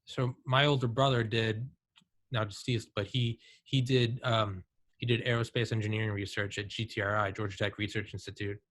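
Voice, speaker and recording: Here the voice sits on the low side and the pace is moderate. He's a podcast host in his thirties, casually telling lively stories and leaning heavily on "like" and "dude."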